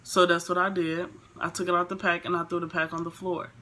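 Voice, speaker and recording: Speaking a little fast in a lowish voice, a young female vlogger rambles through a casual storytime. Her animated retelling is packed with filler words.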